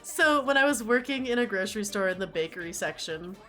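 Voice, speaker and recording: Bright chatty young woman streamer. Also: mid-range voice, lively intonation, brisk, soft background music. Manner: chatty storyteller, laughs a lot, fills with "like". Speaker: streamer host. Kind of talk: casual chat.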